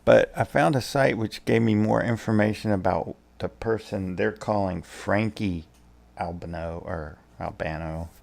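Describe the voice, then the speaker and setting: Deep gravelly man in his sixties. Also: unhurried, few pauses, darkish tone. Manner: rambling, easygoing, thinking aloud. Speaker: tarot reader. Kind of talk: casual vlog.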